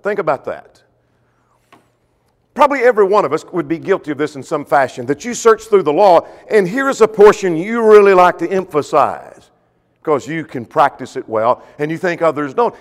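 A man preaching a sermon, emphatic, swinging between loud stressed points and soft drawn-out phrases. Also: sits high, big-room sound.

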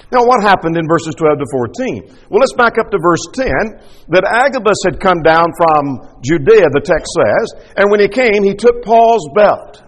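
A man with a high voice preaches a sermon emphatically, posing rhetorical questions and repeating key lines. He sounds animated yet unhurried, and the recording carries a long hall reverb.

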